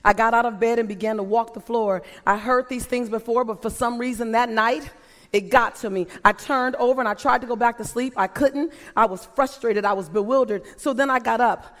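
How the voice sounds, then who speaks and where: A woman's voice: fairly high pitch, fairly even intonation, brisk. Impassioned woman speaker in a big hall. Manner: impassioned, repeated rhetorical questions. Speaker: motivational speaker. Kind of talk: inspirational speech to a live audience. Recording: long reverb of a large hall.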